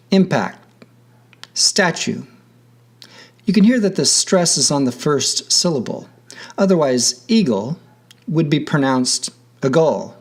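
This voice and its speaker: Male narrator, very slow pace, measured, careful delivery, scripted lesson. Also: mid-range voice. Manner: measured, careful, over-articulates example words. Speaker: teacher.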